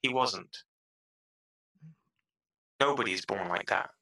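A middle-aged man as a podcast guest, giving motivational advice in an animated way and acting out excited inner voices. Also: on the low side, slow, rough recording. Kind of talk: motivational interview talk.

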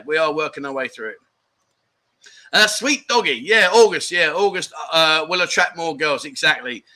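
A man's voice: a little high, pushed and bright. A man hosting a live chat show outdoors, rambling casually as he reads out viewer comments. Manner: rambling and chatty, with many restarts and asides. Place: outdoors in a garden under trees.

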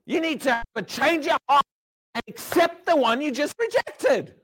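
A male preacher with a high voice delivers a sermon. His delivery is very animated, and his pitch rises and falls widely. He fires rhetorical questions at the congregation and drops some lines to a hush. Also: moderate pace. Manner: animated, rhetorical questions, swings from loud to hushed.

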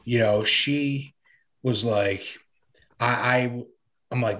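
A man recounting his past in loose, casual conversation. His voice sits at an ordinary middle pitch and stays plain. He wanders through the telling with lots of fillers, restarts and the odd curse. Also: takes it slowly, long pauses, fairly bright tone. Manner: rambling, filler-heavy, frequent restarts and swearing. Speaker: guest sharing his recovery story. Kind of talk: casual personal storytelling.

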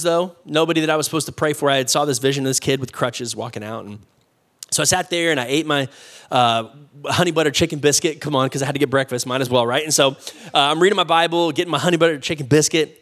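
Animated pastor telling a story. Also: male voice, medium pitch. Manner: animated, conversational, with asides to the congregation. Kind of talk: sermon storytelling. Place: church sanctuary.

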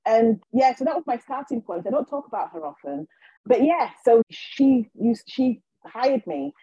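A woman, a guest on a podcast, telling her personal story in an animated way and acting out what people said to her. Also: fairly high pitch, normal speed, husky, no room sound, dull audio. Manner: animated, acts out quoted dialogue. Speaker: guest, healer and intuitive.

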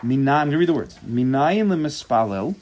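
A man teaching a Talmud class, thinking aloud with quick restarts and reading text out loud. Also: medium pitch, expressive. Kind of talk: casual shiur teaching.

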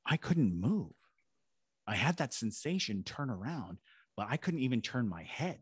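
A paranormal investigator from Savannah, Georgia, appears as a podcast guest, his medium-pitched, slightly rough voice a little slow and recorded with no echo. He tells his story animatedly, acting out the voices of people he quotes.

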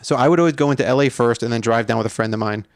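A man's voice: mid-range voice, rapid-fire, no echo, clean studio sound. A man telling a story in casual podcast chat, easygoing while he builds suspense.

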